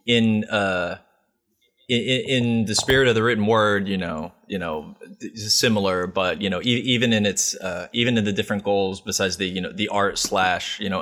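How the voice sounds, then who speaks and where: A man with a very deep voice co-hosts a podcast. He talks casually, and his sentences wander through stacked fillers and restarts. He swears offhandedly. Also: fairly bright tone. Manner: rambling, loose, swears casually. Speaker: podcast co-host.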